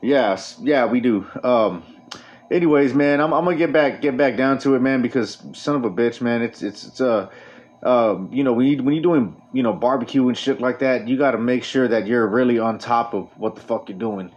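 He hosts a radio show with a loose, rambling monologue, full of constant swearing and restarted sentences. The voice is medium-pitched, a little mellow, at a normal speed, and the recording is dull and lo-fi.

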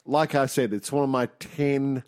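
A man's voice: mid-range voice, fairly even intonation, moderate pace, darkish tone. Teasing man, sure of his opinions. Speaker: podcast co-host. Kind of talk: casual chat.

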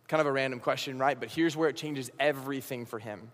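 A young man, a high school pastor, giving a casual youth sermon and acting out the dialogue in his stories. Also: fairly quick, hardly any pauses, in a large hall. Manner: casual, animated storytelling with acted-out dialogue.

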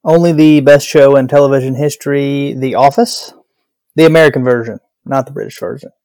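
A man guesting on a casual podcast, speaking in a relaxed, matter-of-fact way. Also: mid-range voice, fairly quick, no room sound.

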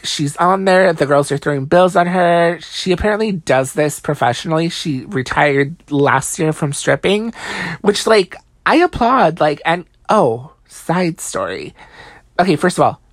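A young woman with a gravelly, fry-heavy voice chats through a reality TV recap late at night, tired but sassy. She swears freely and fills every pause with "like". The sound is close and dry. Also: deep voice, no room sound. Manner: chatty, profane, heavy use of "like", sassy asides. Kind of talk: casual gossipy recap.

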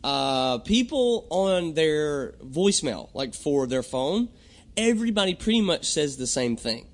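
A young adult man hosting a podcast, talking in a rambling, jokey monologue and often clearing his throat. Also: fairly high pitch, very animated, unhurried. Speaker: podcast host. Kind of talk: casual comedic monologue.

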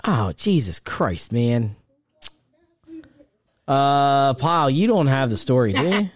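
A man co-hosting a casual podcast, excitable and laughing often as he reads gaming news aloud. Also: medium pitch, slow pace, no room sound. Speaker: podcast co-host.

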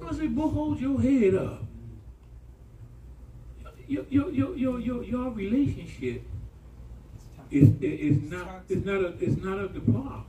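A man preaching in a high, lively voice, swooping up and down as he tells stories to his congregation. His tone is dark and mellow, and he sounds set back from the mic in an echoey church. He talks in a loose, colloquial way. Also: slow pace, pauses often, slight background noise. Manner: animated, colloquial, calls out to the congregation. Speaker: pastor. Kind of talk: sermon storytelling. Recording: echoey room from far off.

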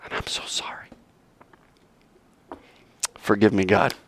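A man voicing Abel as a humble, repentant young man, speaking softly and contritely. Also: on the low side, a little slow, slight background noise, voice pushed down. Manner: soft, contrite, hushed.

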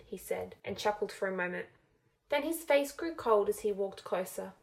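A woman narrating a fan fiction chapter in a steady audiobook reading. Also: medium pitch, normal speed, creaky.

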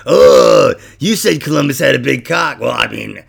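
A man hosting a podcast in casual chat, profane and animated, laughing through his asides. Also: medium pitch, normal speed, creaky, slightly rough. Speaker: podcast host.

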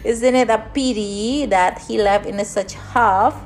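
A woman voicing a pair of timid, polite adult sisters in a storybook, speaking hesitantly and softly. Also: medium pitch, unhurried, a little hiss or hum, natural voice.

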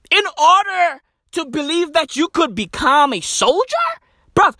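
High-pitched, swooping ranting male comedian. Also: no room sound, clean studio sound. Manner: animated, swearing heavily, slang-filled, jumps between loud and soft. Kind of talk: profane comedic rant.

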